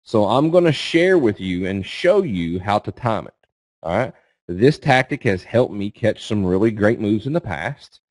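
A man's voice: lowish voice, expressive, a little slow, a little mellow, no room sound. A middle-aged man with a Kentucky accent, giving a folksy, casual webinar presentation as a guest speaker on trading. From Eastern Kentucky, US. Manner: folksy, casual, checks in with "okay?" and "right?".

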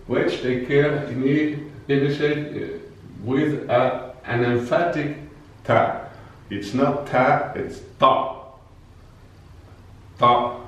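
A man teaching a language lesson, speaking slowly and carefully and repeating words for learners. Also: medium pitch. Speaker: Arabic teacher. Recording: echoey distant room, dull sound.

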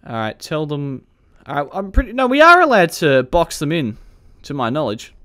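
A man's voice: fairly high pitch, wildly swooping pitch, moderate pace, pushed and bright. A man giving chatty gameplay commentary through a police roleplay, joking and laughing often and barking commands at suspects. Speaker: gaming video creator.

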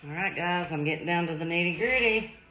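A woman hosting a live jewelry sale, chatting warmly with viewers and calling them sweetie, love and darling. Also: fairly low pitch, brisk, soft background music. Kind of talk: live-stream selling chat. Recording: echoey room.

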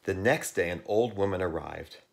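A man reading a children's picture book aloud, lively, dropping to a hush to ask young listeners to find the cat. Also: sits low, normal speed, gravelly.

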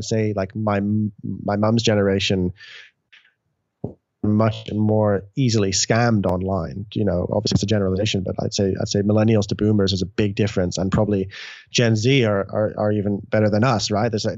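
A man talking as a guest author, animated and loose, often restarting his sentences and swearing casually. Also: fairly low pitch, no room sound. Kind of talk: conversational interview. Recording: dull lo-fi dry audio.

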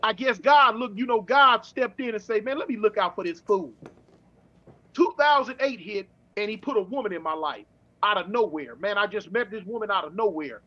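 A middle-aged man from California telling his story in casual street slang, with halting restarts, over a dull remote call. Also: high-pitched, expressive, sharp tone. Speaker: guest.

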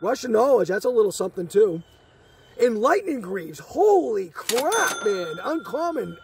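An excited man hosting a card-opening video, exclaiming and joking in slangy chat, so thrilled he says he is shaking. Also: high voice, normal speed, noisy background. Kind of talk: excited box-opening vlog.

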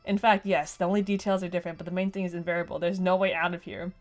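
A woman's voice: lowish voice, level tone, very fast, lightly acted. A woman reading as a weary, resigned young man. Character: weary young man trapped in a time loop.

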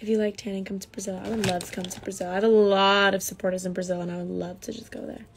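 A woman's voice: medium pitch, level tone, fast talker, vocal fry, slight background noise. A young woman from the United States chatting casually on a phone livestream, reading comments aloud and answering them.

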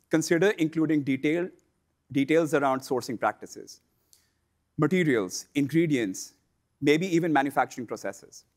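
A man presenting a scripted instructional lesson for online sellers, in a measured, explanatory delivery. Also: fairly high pitch.

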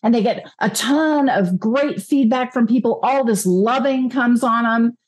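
A woman coach, a guest in an interview, talking upbeat and often slowing down to make her points. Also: a little high. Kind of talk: interview conversation. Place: California.

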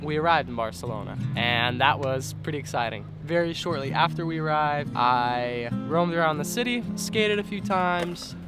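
A young man talks on a vlog with an easy, rambling, jokey manner. His voice sits a little high and sounds stuffy from a cold, with loud music playing underneath. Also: moderate pace, few pauses. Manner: laid-back, rambling, jokey. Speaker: vlogger. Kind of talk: casual vlog talk to camera. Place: aboard a sailboat.

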